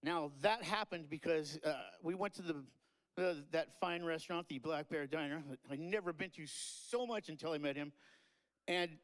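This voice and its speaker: A man's voice: fairly high pitch, moderate pace, a bit bright, low-quality recording. A man giving a rambling, tearful and joking tribute speech at a memorial event. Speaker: eulogy speaker. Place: live-streamed memorial event.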